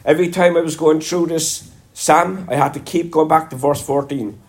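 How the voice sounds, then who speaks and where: A man's voice: a little high, fairly even intonation, normal speed. A man with a Cork accent preaching a sermon, congested from a sinus infection, earnest with a lilting delivery and some self-deprecating humor. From Ireland. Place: church.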